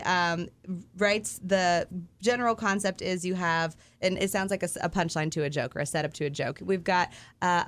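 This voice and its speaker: A woman's voice: mid-range voice, a bit bright. A woman, co-hosting a radio show in casual chat, laughing often and trailing off mid-thought. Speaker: radio co-host.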